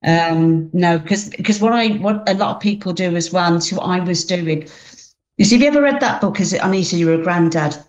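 A woman's voice: on the low side, a little fast. A woman as an interview guest, speaking earnestly about faith and grief and often repeating her phrases. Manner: earnest, repeats phrases, reads own poem aloud. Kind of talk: faith interview, personal testimony.

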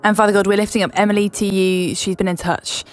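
A female radio host leading prayer on a morning show, halting, with fillers and repeated words. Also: medium pitch, little pitch movement, soft background music.

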